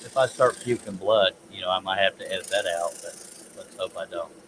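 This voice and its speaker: A man with a fairly low voice chats loosely through a woodworking live stream, wandering off topic and poking fun at himself as he reads comments out. Clear background noise and buzzing insects sit under his voice in the workshop. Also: a little fast. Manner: rambling, self-deprecating, reads chat comments aloud. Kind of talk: casual live stream chat while working.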